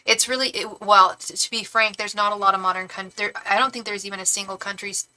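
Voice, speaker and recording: A woman's voice: mid-range voice, fairly even intonation, fast talker, sharp tone, rough recording. A young woman from California giving a tarot reading on a live stream, chatty and rambling with many restarts. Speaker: tarot reader.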